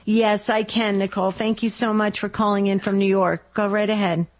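Woman radio host taking calls, encouraging and affirming, mid pitch. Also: flat delivery, normal speed. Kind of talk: call-in radio hosting.

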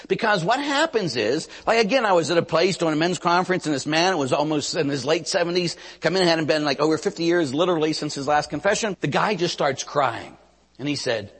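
A man's voice: fairly high pitch, expressive, brisk, a bit bright, breathy edge, in a large hall. A man, a Catholic priest, preaching a sermon with stories, acting out quotes and asking his listeners questions. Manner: storytelling, acts out quotes, asks the audience "Huh?".

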